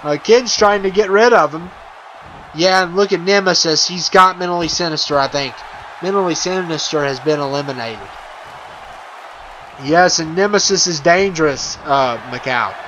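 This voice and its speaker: A man giving playful, excitable wrestling commentary over a video game, chuckling often and full of fillers and restarts. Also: a little high, moderate pace, muffled recording, a faint crowd, slight background noise.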